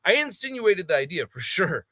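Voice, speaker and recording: A man's voice: high-pitched, very animated, normal speed, pushed and bright, dry recording, clean studio sound. A man on a podcast, telling a heated story in casual chat, swearing a lot and acting out what people said. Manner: heated storytelling, heavy swearing, acts out quotes. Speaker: podcast co-host.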